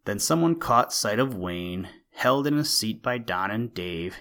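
A man narrating an old-fashioned school story in a steady, expressive reading. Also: on the low side, a little slow.

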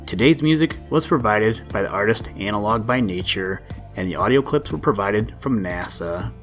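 A man narrating a children's animal story for a reading podcast, steady and measured. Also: lowish voice, soft background music.

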